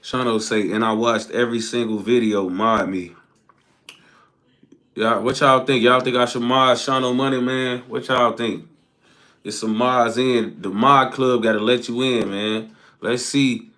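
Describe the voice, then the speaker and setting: A young man on a casual live stream, reading viewer comments aloud and ending phrases with a low trailing "folks.". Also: fairly bright tone.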